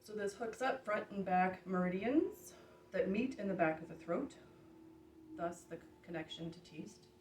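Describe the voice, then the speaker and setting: A woman who practises energy healing, gently talking viewers through each exercise step by step as she demonstrates it. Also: mid-range voice, moderate pace. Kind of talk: guided exercise instruction. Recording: echoey room, mic at a distance.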